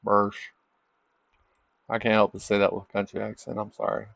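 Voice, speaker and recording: Gravelly low-voiced man. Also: little pitch movement, quick pace, no echo. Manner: rhetorical tag questions; loose, chatty, thinking aloud. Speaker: trading livestream host. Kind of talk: casual livestream chart commentary.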